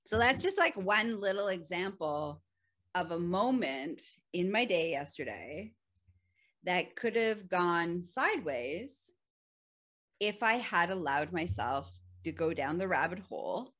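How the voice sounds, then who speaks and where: A woman hosts a podcast alone, slowly telling an everyday story in a relaxed, chatty manner full of laughter and fillers. Her fairly low voice is expressive and a bit bright.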